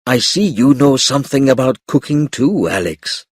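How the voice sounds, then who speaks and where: A man voicing an elderly Chinese kung fu priest with a Chinese accent, speaking slowly, quietly and in a measured way. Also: mid-range voice, sing-song, husky, no room sound, studio quality. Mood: calm, instructive.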